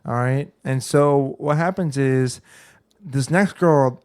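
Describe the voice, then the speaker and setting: A man's voice: medium pitch, slow pace, darkish tone. A young man telling a long, crude story in casual chat, swearing often and restarting his sentences. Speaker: podcast co-host.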